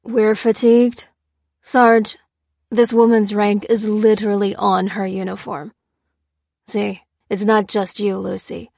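A woman's voice: medium pitch, flat delivery, slow, vocal fry, a little mellow, no room sound. A woman voicing a sarcastic young female soldier who trades dry, mocking quips.

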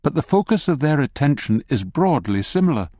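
A man narrates a story in the second person, tossing in wry asides as he goes. His pitch moves a lot, keeping the reading lively. The recording is dry and close to the mic, with no room sound. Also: brisk, no room sound. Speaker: audiobook narrator. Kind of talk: scripted narration.

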